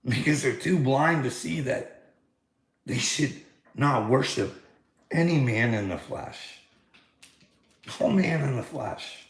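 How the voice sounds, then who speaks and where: Speaking slowly and pausing often, a vlogger with a creaky, mid-range, expressive voice delivers a heated, angry monologue in a reverberant room. He swears a lot while retelling a confrontation.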